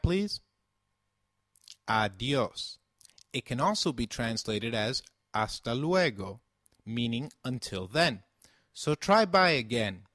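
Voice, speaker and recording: A man's voice: mid-range voice, fairly bright tone, no room sound, studio quality. A man giving a scripted language lesson, patiently saying phrases and asking the listener to repeat them. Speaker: language teacher.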